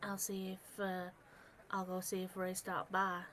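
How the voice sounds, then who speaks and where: A woman's voice: medium pitch, monotone, a little slow, a bit bright, a little hiss or hum. A woman playing a tabletop game in character, wry and joking. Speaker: player.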